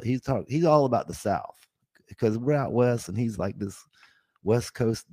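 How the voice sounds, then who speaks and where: A man's voice: medium pitch, expressive, normal speed, warm tone, breathy edge, no room sound. A man in his fifties telling a long story as a guest, rambling, with many restarts and fillers. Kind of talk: casual storytelling.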